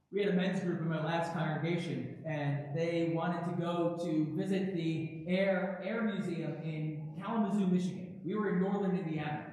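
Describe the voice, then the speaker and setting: Man, pastor, sermon, high voice, conversational storytelling, far from the mic, heavy church echo. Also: darkish tone. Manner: storytelling, often tags sentences with "right?". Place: church sanctuary. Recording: very echoey church hall from far off, faint noise.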